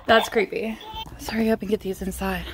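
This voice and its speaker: A woman's voice: medium pitch, flat delivery, brisk, very noisy. A woman vlogging a staged scare, giggling and exclaiming breathlessly in mock fright. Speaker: family vlogger. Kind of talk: staged prank vlog.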